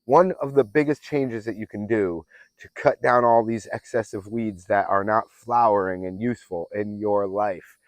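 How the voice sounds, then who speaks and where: A man's voice: on the low side, moderate pace, no room sound. A man working as a fitness and mindset coach gives an earnest, affirming motivational talk that sometimes rambles and restarts. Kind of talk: motivational self-help talk.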